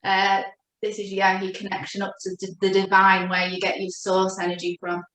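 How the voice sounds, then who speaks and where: Gentle woman reading chakras. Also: medium pitch, completely flat delivery, background noise. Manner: gentle, reassuring, speaks slowly when addressing her guide. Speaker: oracle card reader and coach. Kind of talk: spiritual chakra reading session. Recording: echoey room.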